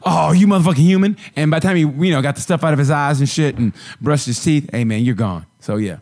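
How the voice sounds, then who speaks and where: A man's voice: mid-range voice, quick pace, a little mellow. Man, comedy podcast co-host, rambling tall tales, stammers and restarts, mid-range voice. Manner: rambling storyteller who acts out voices in quotes. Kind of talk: casual comedic chat.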